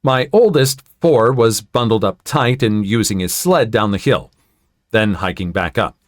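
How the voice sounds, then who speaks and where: A man reading online stories aloud in an expressive way, adding sympathetic comments of his own. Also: lowish voice, a little slow, no echo, studio quality. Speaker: story narrator.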